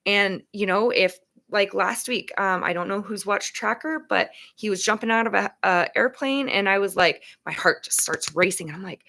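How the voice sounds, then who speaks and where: A woman's voice: medium pitch, normal speed, vocal fry, few pauses, sharp tone. A woman hosting a casual talk show, speaking in an emphatic, chatty way and openly sharing her feelings about empathy and boundaries. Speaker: show host.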